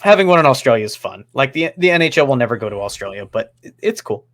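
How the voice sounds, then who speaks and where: Man, animated intonation, joking, casual podcast host. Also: medium pitch, quick pace. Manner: lively, steers the topics, joking. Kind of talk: casual chat.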